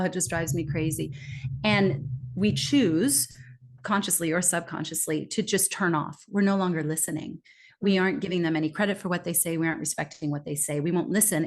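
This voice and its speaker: An American woman with a fairly low voice speaks as a guest expert in an interview. She explains at length in a conversational way. She slips into lively, exaggerated voices when quoting people. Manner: animated, acts out quoted reactions in lively bursts. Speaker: guest expert on accents and communication.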